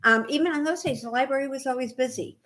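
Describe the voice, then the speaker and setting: An older woman co-hosting a craft podcast, telling stories in a lively, chatty way and acting out other people's voices. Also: high-pitched, fast talker. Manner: animated storyteller, acts out voices. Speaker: podcast co-host. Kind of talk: casual chat.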